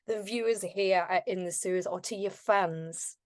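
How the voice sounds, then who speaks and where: A woman's voice: medium pitch, normal speed, darkish tone. A woman hosting a casual interview podcast, laughing often as she chats. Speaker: podcast host.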